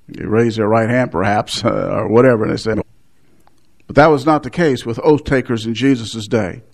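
A man's voice: mid-range voice, a little mellow. Man preaching a verse-by-verse sermon. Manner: explanatory, with restarts and small laughs. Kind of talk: expository sermon.

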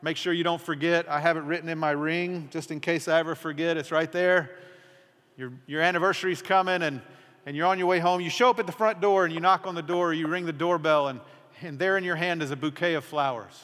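Earnest pastor preaching in a reverberant church. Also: male voice, on the high side, steady tone, a little fast. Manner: earnest, dramatic drops to a hushed voice. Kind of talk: sermon. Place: church sanctuary. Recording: long hall reverb.

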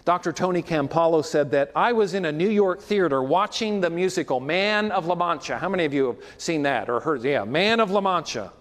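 A man's voice: on the high side, lively intonation, fairly quick, few pauses, long reverb tail. A man preaching a sermon as pastor, in a conversational way with frequent asides to the congregation.

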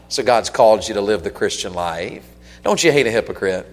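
A man's voice: on the low side, expressive, a little fast. A man preaching in a church sanctuary, his voice carrying a long reverb through the hall. He talks earnestly, putting questions to the congregation and rising to emphatic peaks. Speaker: visiting preacher. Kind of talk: sermon.

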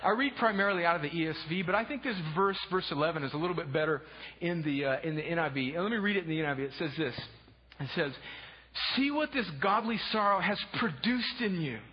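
A man preaching a sermon as pastor, impassioned, swinging from hushed asides to shouted exclamations. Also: a little high, animated, quick pace, slightly rough. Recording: dull lo-fi sound with long hall reverb.

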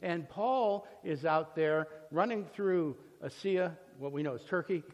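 High-voiced man teaching in an echoey hall. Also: a little slow, darkish tone, muffled recording. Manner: storytelling, frequent filler words and restarts. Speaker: Bible teacher. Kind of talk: conversational Bible teaching. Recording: long reverb, echoey hall.

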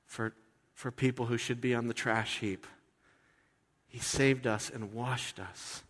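A male pastor preaches in a loose, conversational style, restarting his sentences as he searches for words. His voice sits at a middle pitch, and the long reverb of a church hall trails after him. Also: steady tone, slow pace, long pauses, fairly bright tone. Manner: conversational and earnest, with frequent restarts. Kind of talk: sermon.

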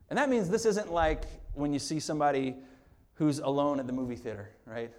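Higher-pitched male pastor preaching conversationally. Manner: conversational, with humorous asides and laughs; earnest, drops quiet on serious points. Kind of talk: sermon.

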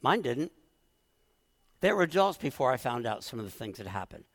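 A man's voice: medium pitch, big pitch swings, moderate pace, big-room sound. A middle-aged man preaching a sermon as pastor, earnest and emotional, often restarting his words.

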